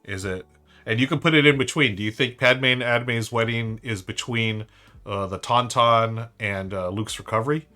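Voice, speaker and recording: A man's voice: medium pitch, moderate pace, pushed and bright, faint music behind. A man hosting a live-stream trivia board game, chatting upbeat and thinking aloud to his viewers.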